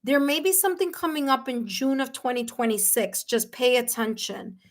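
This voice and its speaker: A woman reading tarot live for her viewers, talking warmly and emotionally, with many fillers and restarts. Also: high voice, moderate pace. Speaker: tarot reader and medium. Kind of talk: live-stream reading, casual chat with viewers.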